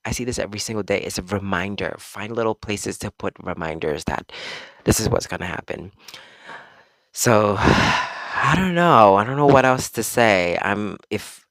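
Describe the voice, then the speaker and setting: A man's voice: lowish voice, fairly bright tone, no room sound. A man hosting a podcast from home as a psychic medium, talking in a rambling, earnest motivational way with fillers and the odd swear word. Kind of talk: casual motivational monologue. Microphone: small podcast microphone.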